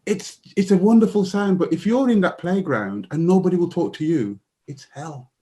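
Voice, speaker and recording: A man's voice: high-pitched, moderate pace. Older man telling stories animatedly. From United Kingdom. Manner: animated storyteller who acts out quoted voices and laughs often. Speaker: guest author. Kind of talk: storytelling in a conversation.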